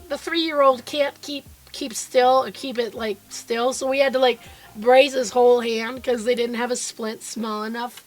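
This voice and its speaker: A woman with a hoarse, froggy voice from being sick, chatting casually and cheerfully with viewers from her home basement studio. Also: on the high side. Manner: chatty and upbeat, greeting viewers by name. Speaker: quilt designer and live streamer. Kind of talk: casual live-stream chat.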